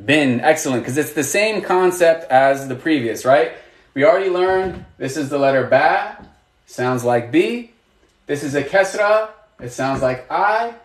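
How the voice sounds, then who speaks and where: A man teaches a live online lesson in a patient, encouraging way, asking questions and praising each answer. His voice sits a little high for a man. The room around him has a noticeable echo. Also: animated, measured pace. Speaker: Arabic teacher.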